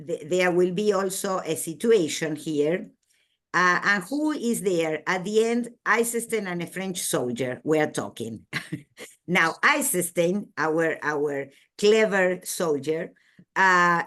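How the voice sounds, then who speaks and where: Woman, literature teacher, lowish voice, reads a novel aloud, pauses with fillers, asks quick checking questions. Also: a bit bright. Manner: explains between readings with many fillers and tag questions. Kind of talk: classroom lecture reading aloud from a novel.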